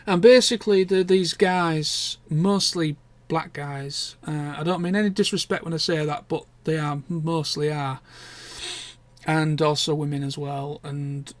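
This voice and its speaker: A man's voice: on the high side, steady tone, a little slow, no room sound. A young man, chatting casually and candidly in a rambling vlog catch-up, with the odd swear word. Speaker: vlogger. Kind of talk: casual chat.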